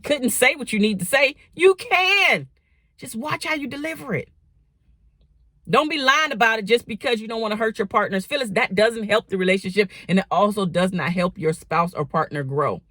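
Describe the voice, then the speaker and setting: A woman's voice: on the low side, a bit bright, dry recording, studio quality. A woman giving casual relationship advice in an emphatic, preachy way, repeating key phrases and dropping slang. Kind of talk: casual motivational advice talk.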